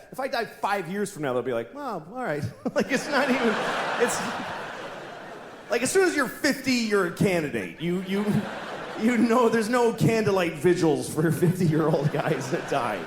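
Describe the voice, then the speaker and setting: A man in his forties performing a stand-up comedy routine in a wry, rambling, self-mocking way. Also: high-pitched. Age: 40s. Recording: echoey room with noise.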